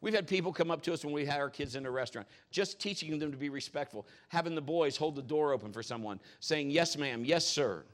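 A middle-aged pastor delivers a lighthearted sermon, his voice sitting a little high for a man. He jokes and chuckles as he goes, punching some lines loudly and dropping others almost to a murmur. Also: fast talker, hardly any pauses. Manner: animated, jokey, laughs often, swings loud and soft. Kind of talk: humorous sermon. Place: church.

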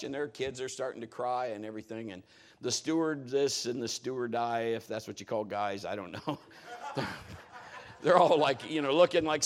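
A middle-aged man preaching a sermon as a pastor, telling stories in an animated way with big swings in his voice. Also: a little fast. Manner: animated storytelling with lively swings in pitch.

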